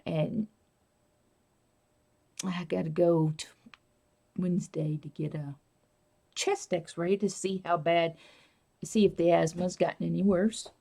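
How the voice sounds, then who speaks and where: A woman's voice: lowish voice, steady tone, slow pace, gravelly, pauses often, mellow. A woman hosting a casual live stream, rambling and answering viewer comments as she talks.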